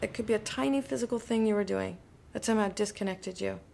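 A woman's voice: mid-range voice, fast talker, gravelly, a little mellow, a little hiss or hum. A woman actor and director, reflecting in conversation and acting out remembered dialogue with animation.

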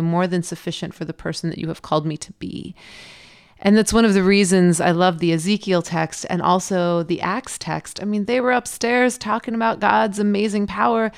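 A woman's voice: fairly low pitch, clean tone. A woman pastor in her thirties, sharing reflections and personal stories in an earnest, storytelling way. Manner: earnest, storytelling, animated quotes. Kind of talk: reflective faith chat.

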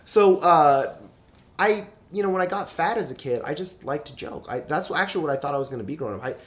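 On a casual podcast, a young male guest spins loose, profane stories packed with fillers and asides, even putting on his mother's voice when quoting her. He talks fast, with a fairly high pitch and lively intonation.

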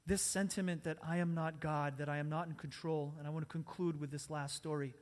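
A male pastor preaching a sermon, earnest and repetitive, moving between hushed and loud. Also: a little high, fairly even intonation, brisk. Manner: earnest, repeating phrases, swings between soft and loud. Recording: long hall reverb.

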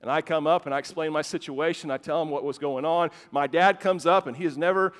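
Male pastor with a high voice, animated storytelling delivery with repeated words, preaching in a church with long hall reverb. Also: fast. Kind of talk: sermon with personal storytelling. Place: church sanctuary with a congregation.

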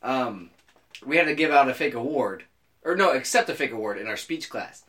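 A young man co-hosting a podcast in casual chat, animated and joking, swearing freely. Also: medium pitch, normal speed. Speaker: podcast co-host.

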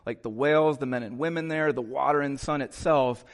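A male pastor preaching a sermon in a conversational way, with quick asides to the congregation in a church. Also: medium pitch. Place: church sanctuary.

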